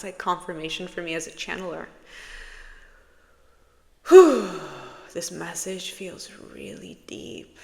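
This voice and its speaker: A woman giving a casual, playful spiritual message as a channeler, soothing and warm in her words, with bursts of laughter. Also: fairly low pitch, in a large hall.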